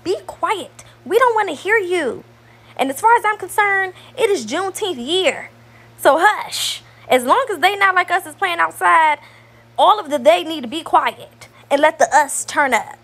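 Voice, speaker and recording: A woman's voice: extremely high pitch, lively intonation, normal speed, a bit bright. A woman ranting with emphatic, scolding political commentary.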